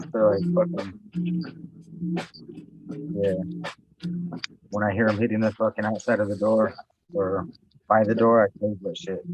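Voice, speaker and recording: A man's voice: lowish voice, husky, low-quality recording. A man chatting casually and rambling, swearing a lot and filling his talk with likes. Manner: rambling, heavy swearing, lots of fillers. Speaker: podcast host. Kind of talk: casual chat.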